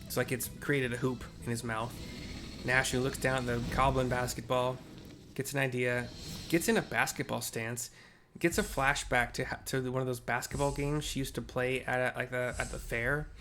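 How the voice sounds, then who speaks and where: A man casually narrating game cutscenes out loud as he plays, chatty, with fillers and self-corrections. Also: medium pitch, fairly even intonation, normal speed, faint music behind. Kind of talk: casual live audio description of game cutscenes.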